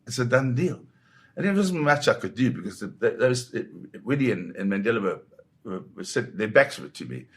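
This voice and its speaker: A man from Zimbabwe, a photographer guest, telling anecdotes in a lively raconteur's way and acting out the voices of people in his stories. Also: mid-range voice, fairly quick. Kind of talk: anecdotal storytelling.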